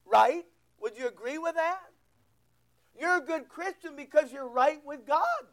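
High-voiced preacher with a drawl. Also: male voice, very animated, measured pace, fairly bright tone. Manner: emphatic, conversational preaching with rhetorical questions. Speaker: pastor. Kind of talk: sermon.

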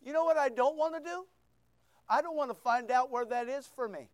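Guy preaching a sermon, high voice, dry close sound, plays out little voices. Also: fairly quick, dry recording. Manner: animated preaching, acts out quoted voices. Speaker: pastor.

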